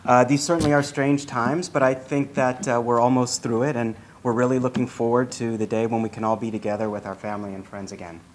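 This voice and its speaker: A man's voice: medium pitch, little pitch movement, fairly quick, hardly any pauses, a little hiss or hum, low-quality recording. A man in his forties, a father thanking the guests at his son's bar mitzvah, hesitant and full of ums and uhs. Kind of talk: casual speech to guests.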